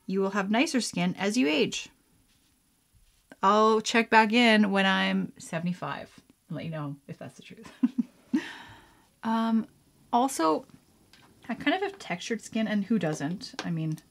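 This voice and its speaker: A woman's voice: mid-range voice, gravelly. Chatty rambling woman vlogger. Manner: rambling, chatty, often laughing and whispering asides. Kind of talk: casual chat while doing makeup.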